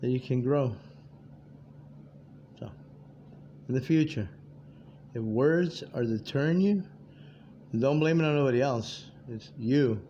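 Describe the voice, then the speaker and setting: A man's voice: mid-range voice, takes it slowly, pauses often, dark tone. Fifties guy ranting and rambling off the cuff, muffled lo-fi audio with a little hiss. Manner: digressive, streetwise, profane. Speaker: vlogger addressing viewers. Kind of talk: rambling unscripted monologue. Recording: dull lo-fi audio with faint background noise.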